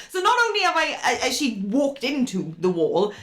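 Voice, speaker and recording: Woman podcast co-host, high voice, swears nonstop, echoey room. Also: lively intonation, fairly quick, few pauses, a bit bright. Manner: swears constantly while telling a story. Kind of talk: casual gaming chat.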